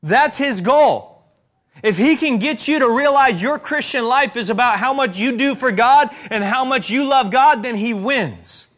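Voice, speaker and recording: A man preaching a sermon as a pastor, with emphatic rises and slow, stressed repetitions. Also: very high-pitched, fairly bright tone.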